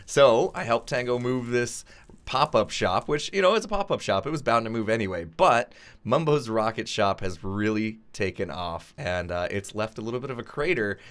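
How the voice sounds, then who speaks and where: A man's voice: on the low side, normal speed, a bit bright, smooth. A young man with a cold, his voice in and out, hosting casual gameplay commentary in an upbeat, chatty way with frequent laughs. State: has a cold, voice in and out. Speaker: gaming video host.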